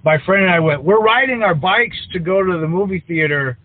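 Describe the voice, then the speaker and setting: A man's voice: sits high, fairly quick, dry recording. Male podcast co-host, rambling and enthusiastic; dry, tinny line. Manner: rambling, many likes and restarts. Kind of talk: casual chat. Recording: dry, tinny phone-like sound.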